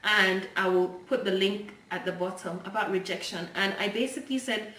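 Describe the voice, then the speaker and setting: A young woman tells a personal story to the camera in a loose, rambling way, full of fillers and restarts. Her voice sits at an ordinary middle pitch. It sounds roomy and a little distant from the mic, with faint noise behind her. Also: normal speed, a bit bright. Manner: chatty, digressive, many fillers and restarts. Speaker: vlogger. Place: indoor room, filmed by a helper.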